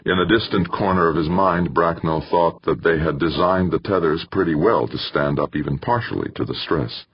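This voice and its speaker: A man narrating an audiobook in a steady, somber way. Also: sits low, normal speed, few pauses, husky, no room sound. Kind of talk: scripted narration. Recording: muffled dry recording.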